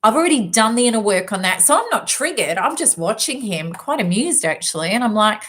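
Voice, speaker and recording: A woman self-help speaker telling a personal story in an emphatic, lively way. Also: a little high. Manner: lively, emphatic, quick asides. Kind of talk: storytelling talk to an audience.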